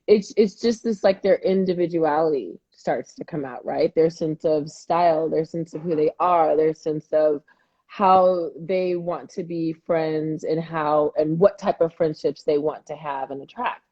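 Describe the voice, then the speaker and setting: Husky mellow woman co-host, casual chat, acts out what everyone said, kinda muffled lo-fi sound. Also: low voice, measured pace. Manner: animated storytelling, acting out quoted dialogue. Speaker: podcast co-host. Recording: dull lo-fi audio.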